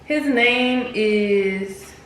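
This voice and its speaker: Speaking very slowly in a slightly high, somewhat bright voice, this young woman tells her viewers a chatty, slang-filled story, frequently addressing them as "y'all." Her recording picks up echo and a little background noise.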